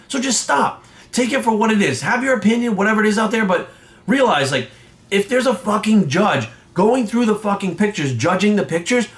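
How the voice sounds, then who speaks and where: A fast-talking man tears into his critics, swearing constantly and sounding heated and confrontational. His voice sits a little high for a man, and he speaks like a bodybuilding coach and judge addressing his audience. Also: fairly bright tone. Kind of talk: profane ranting vlog monologue.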